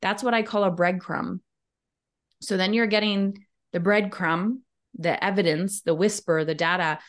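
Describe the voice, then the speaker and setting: A woman's voice: medium pitch, fairly even intonation, unhurried. A woman leadership coach, a guest on an interview podcast, talking candidly and bluntly and acting out her clients' replies as she tells stories. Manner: candid, blunt, swears freely. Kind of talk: casual interview conversation.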